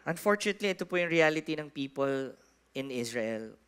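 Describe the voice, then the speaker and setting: A man with a Filipino accent, preaching a sermon in church, animated and asking the congregation questions, moving between soft and loud. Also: on the high side, a little fast, clean tone. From Philippines. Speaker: pastor.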